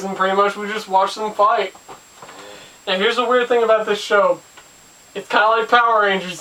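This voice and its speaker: A man's voice: high voice, sharp tone, far from the mic, low-quality recording. A man hosting a casual video review of an old cartoon, chatty and full of jokey asides. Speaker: show host and reviewer.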